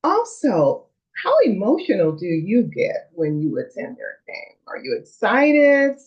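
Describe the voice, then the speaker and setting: A woman's voice: medium pitch, sing-song, measured pace. A middle-aged woman vlogger telling a personal story in a chatty way, with plenty of fillers. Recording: dull lo-fi recording.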